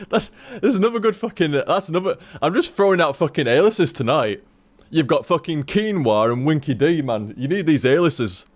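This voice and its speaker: A man's voice: a little high, normal speed, dry recording. A man streaming a game, rambling casually to his chat, with lots of swearing. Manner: rambling, heavy swearing, animated.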